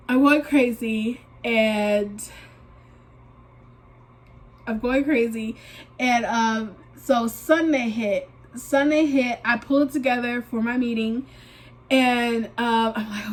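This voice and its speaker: A young woman chats through a get-ready-with-me video, her voice sitting notably high. She tells her story animatedly, slipping into dramatized quotes of herself, and sounds slightly stuffy from a recent sinus infection. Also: a little slow. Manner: uses y'all and filler likes. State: congested, recovering from a sinus infection. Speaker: beauty vlogger. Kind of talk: casual get-ready-with-me chat.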